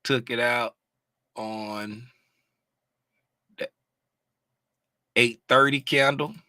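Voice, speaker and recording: Bright-voiced man teaching chart reading. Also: medium pitch, drawn-out words, no room sound, clean studio sound. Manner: animated, sings out terms, asks the audience questions. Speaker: trading educator. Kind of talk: live chart walkthrough.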